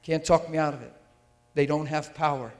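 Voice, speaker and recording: Male preacher, high-ish voice, fiery and emphatic, long hall reverb on the mic. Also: fairly even intonation, normal speed, darkish tone. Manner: intense and emphatic, with rhetorical questions to the audience. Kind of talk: sermon. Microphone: handheld or stand mic.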